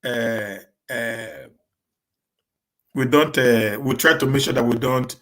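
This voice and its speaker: A man with a Nigerian accent chatting casually to his live-stream viewers, talking quickly and often repeating and restarting words as he mixes in pidgin. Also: mid-range voice, a bit bright. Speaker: live-stream host answering viewer questions.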